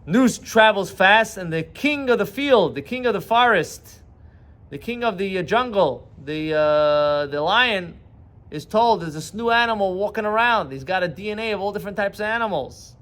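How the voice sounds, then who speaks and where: A man with a fairly high voice gives a short morning sermon as a rabbi. He explains patiently and retells a parable in plain words, walking his listeners through each step of the story. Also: expressive, moderate pace, a bit bright.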